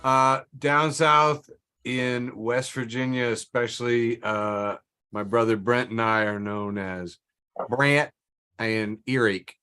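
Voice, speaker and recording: Midwestern male comic, bright tone, deadpan self-mocking banter over a video call. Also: medium pitch, slow pace, clear, resonant tone. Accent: neutral Midwestern American. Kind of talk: casual banter.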